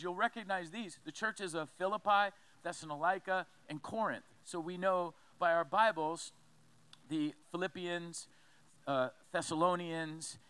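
A man's voice: high-pitched, fairly bright tone. A male pastor delivers a sermon with a slightly raised voice, emphatic and building, often restarting and repeating phrases. The sound is close and dry with little room echo. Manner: emphatic preaching with repetitions and restarts. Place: church.

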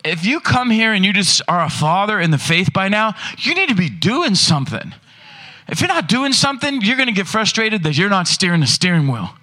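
A man pastor preaching a lively sermon in a church, throwing rhetorical questions at the congregation. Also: high voice, a little fast.

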